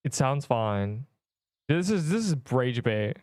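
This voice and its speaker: A man with a smooth, resonant voice at an everyday pitch, streaming a game and bantering with chat. He rambles and sounds exasperated, heavy on slang. The sound is dry and close. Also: big pitch swings, a little slow, darkish tone, no echo. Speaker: gaming streamer. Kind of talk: casual livestream chatter while playing.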